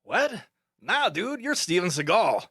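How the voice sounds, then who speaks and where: A man's voice: high voice, sing-song, unhurried, pushed and bright, husky, no room sound, studio quality, voice pushed up, exaggerated voice. A man voicing a cocky young actor who mocks his bossy co-star. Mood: mocking. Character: cocky, fast-talking young actor, mocking.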